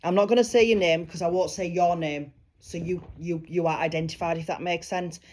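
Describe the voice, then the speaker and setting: A woman working as a psychic medium, giving a private reading in a gentle, reassuring way and relaying spirit messages. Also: on the low side, steady tone, brisk.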